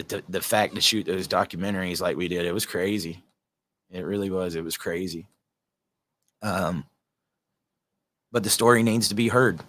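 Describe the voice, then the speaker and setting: Low-voiced with a fairly bright tone, this Southern American podcast host talks on his own in a casual, earnest way, frequently repeating words.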